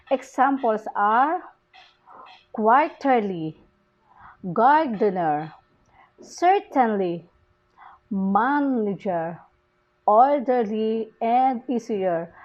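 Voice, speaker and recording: A woman reads a lesson aloud slowly and haltingly, restarting words as she goes. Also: fairly high pitch, darkish tone, muffled recording. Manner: slow, halting delivery with restarts.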